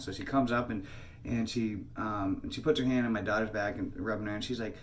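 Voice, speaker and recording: A man's voice: mid-range voice, fairly quick. A man with an ordinary mid-range voice tells a personal story in a loose, casual way. He rambles, circles back and restarts his sentences, and his telling often turns heated. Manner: rambling, many fillers and restarts, grows heated. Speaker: channel host.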